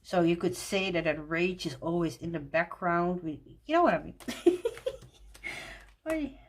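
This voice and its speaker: A woman walking through a tarot deck in casual talk, gushing and excited, laughing often. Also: lowish voice, unhurried.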